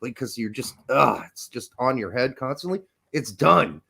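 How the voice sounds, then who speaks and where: A man's voice: medium pitch, expressive, moderate pace, gravelly, pushed and bright, husky. A young man hosting a podcast, rambling energetically and joking with frequent laughs. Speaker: podcast host. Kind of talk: casual chat.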